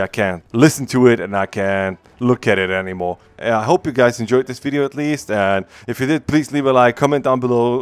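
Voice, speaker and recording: A man's voice: fairly low pitch, dry recording. A man hosting a gaming channel, ranting casually, profane, heated and rambling.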